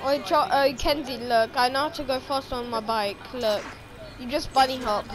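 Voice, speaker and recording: A woman's voice: high-pitched, steady tone, moderate pace. A woman teasing friends and laughing in casual game banter. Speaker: gamer in voice chat.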